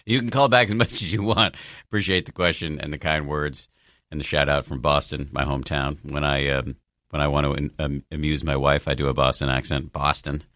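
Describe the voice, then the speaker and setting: Deep-voiced man hosting a podcast. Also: fairly even intonation, a little fast, a bit bright, no echo, clean studio sound. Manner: thoughtful, self-deprecating, with restarts. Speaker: podcast host. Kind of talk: podcast talk answering a listener question.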